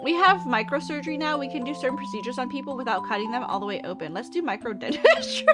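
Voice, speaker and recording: A woman's voice: high-pitched, sing-song, fast, loud music behind the voice. A woman streamer in casual chat with her viewers, talking while she eats. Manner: chatty, talks while eating.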